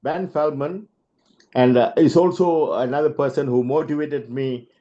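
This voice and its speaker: A man with a fairly high voice delivers a motivational sales talk as a story. He keeps throwing in rhetorical checks on his listeners. The recording sounds dull and lo-fi. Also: normal speed, mellow. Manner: tells stories with asides and rhetorical "huh?" checks. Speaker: sales trainer.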